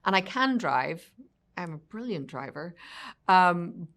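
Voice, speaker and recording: A woman's voice: on the low side, very animated, takes it slowly, gravelly, a bit bright. A woman being interviewed as an actress, speaking casually and hesitantly with self-deprecating humor. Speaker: actress guest.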